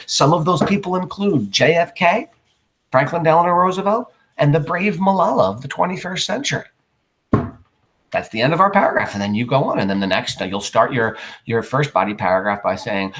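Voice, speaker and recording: A male teacher giving a writing lesson in an animated way, acting out small examples for his students. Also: medium pitch, fairly quick. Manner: animated, playfully acts out examples.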